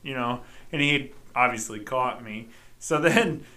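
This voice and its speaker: A man co-hosting a podcast who tells childhood stories in a casual, animated way and swears freely. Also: mid-range voice, unhurried. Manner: animated, profane storytelling. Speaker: podcast co-host. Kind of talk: casual chat, storytelling.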